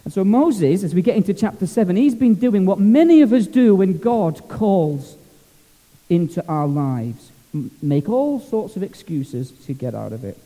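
Jokey Scottish pastor in a church hall. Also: male voice, high-pitched, normal speed. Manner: lively, jokey, colloquial. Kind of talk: sermon.

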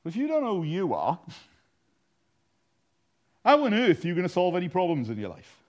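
A man's voice: sits high, huge pitch swings, moderate pace, darkish tone. A man preaching a sermon, telling funny stories with a self-deprecating, anecdotal manner. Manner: humorous anecdotal, self-deprecating, laughs at own jokes. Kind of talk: sermon with storytelling.

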